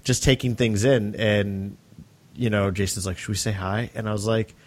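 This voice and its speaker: A man's voice: fairly low pitch, steady tone, normal speed. A man co-hosting a podcast, telling a story in an easygoing, considerate casual chat. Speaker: podcast co-host.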